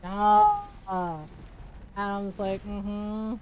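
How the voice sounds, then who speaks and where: A woman's voice: mid-range voice, big pitch swings, extremely slow, dull audio, heavy background noise. A woman chatting casually while streaming a game, laughing often and acting out bits. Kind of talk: casual gaming stream chat.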